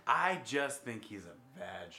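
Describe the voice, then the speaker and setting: A man's voice: on the low side, very animated, slow pace, sharp tone, reverberant. A man in a casual podcast chat, asking playful, teasing questions.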